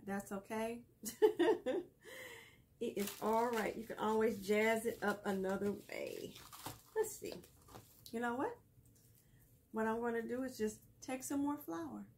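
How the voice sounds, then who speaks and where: A woman's voice: a little high, slow, pauses often, a little mellow, slight background noise. A woman hosting a casual craft tutorial, chatty and laughing often as she explains each step while she works. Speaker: craft video host.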